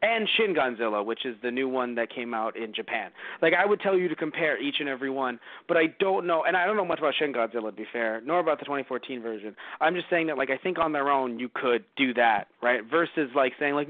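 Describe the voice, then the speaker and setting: A man's voice: mid-range voice, lively intonation, fast talker, few pauses, no echo. A man hosting a casual movie review podcast, rambling with many fillers and restarts. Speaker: podcast host. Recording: dry, phone-like lo-fi audio.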